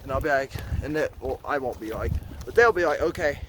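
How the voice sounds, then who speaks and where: A man's voice: mid-range voice, fairly quick. Goofy young man vlogging on a hike. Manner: goofy, joking, excitable asides; walking and climbing while talking. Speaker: vlogger and root beer reviewer. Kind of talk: casual hiking vlog. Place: outdoor rocky mountain trail. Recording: outdoor phone video with wind noise.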